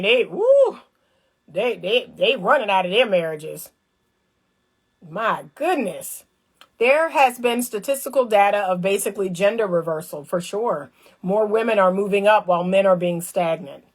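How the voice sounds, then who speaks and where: In a casual, animated to-camera piece about relationships, a woman with a medium-pitched voice addresses her viewers directly. She speaks colloquially, leans on repetition for emphasis and plays out little scenarios.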